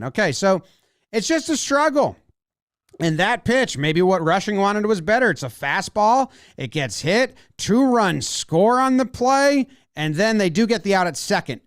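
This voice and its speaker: Brief: male baseball analyst, high, bouncy voice, dry close sound, playful play-by-play breakdown. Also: unhurried, no echo. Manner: animated, acts out players' imagined lines.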